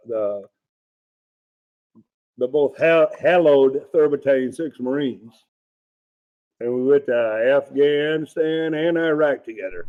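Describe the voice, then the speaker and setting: A man, a former Marine instructor, ribbing his friends bluntly and speaking warmly of his comrades. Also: medium pitch, phone-quality sound. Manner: teasing, blunt, heartfelt about comrades. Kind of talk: casual chat.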